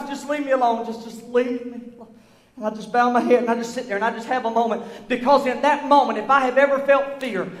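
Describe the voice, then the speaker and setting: A middle-aged man, preaching a sermon in a church, building from storytelling to fervent shouts. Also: very high voice. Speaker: pastor. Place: church sanctuary. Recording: echoey church hall.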